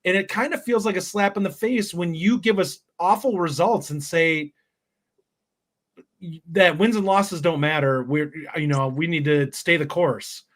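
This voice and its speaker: A man's voice: fairly high pitch, a little slow. A man co-hosting a sports podcast, talking casually and animatedly. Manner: animated, mimics voices in quoted asides. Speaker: podcast co-host.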